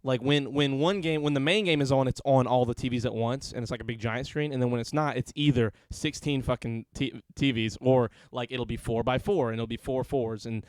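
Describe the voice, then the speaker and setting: A man's voice: medium pitch, steady tone, a little fast, few pauses, no room sound. Young man rambling on a podcast. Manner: rambling, jumps in, laughs often. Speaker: podcast co-host. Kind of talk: casual chat.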